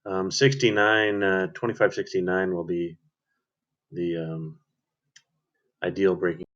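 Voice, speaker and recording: A man with a very low voice and a slight lisp trades live alongside friends. He sounds laid-back and joking, and the stream audio is dull and lo-fi. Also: level tone, unhurried, a bit bright. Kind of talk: casual live trading chat.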